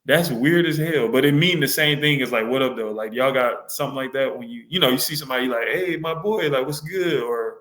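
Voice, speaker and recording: A man's voice: medium pitch, fast, few pauses, fairly bright tone. Laid-back Detroit man, echoey room. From Detroit, USA. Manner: laid-back, laughs often, acts out quotes. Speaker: podcast host. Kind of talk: casual chat.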